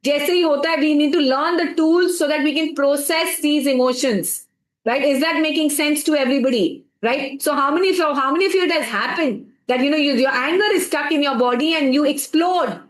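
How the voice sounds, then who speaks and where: A woman's voice: high voice, fast talker, echoey room, rough recording. A woman with an Indian English accent, coaching a live stream audience and often asking the chat to reply, slipping Hindi phrases into her English. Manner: asks the chat for replies over and over. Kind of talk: motivational live stream talk.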